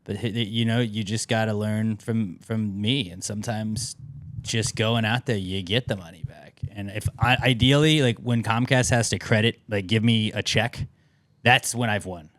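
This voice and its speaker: A man's voice: on the low side, steady tone, normal speed, a bit bright, no room sound. A man co-hosting a podcast, chatting casually and telling rambling anecdotes full of fillers. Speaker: podcast co-host. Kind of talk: casual chat.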